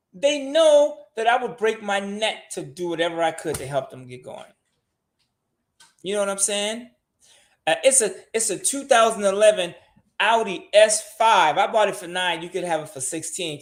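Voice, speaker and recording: A man's voice: sits high, normal speed. An older man, a show regular, giving blunt money advice in casual podcast talk and swearing freely.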